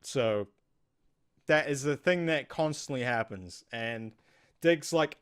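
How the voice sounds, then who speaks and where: A man's voice: mid-range voice, expressive, takes it slowly, long pauses, a bit bright, smooth. A man with a New Zealand accent casually recapping a TV episode, rambling and acting out the characters' lines. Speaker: host.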